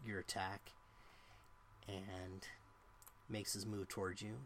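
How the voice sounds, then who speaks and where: Man, game master, lowish voice, relaxed narration, fillers, faint hiss. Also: slow.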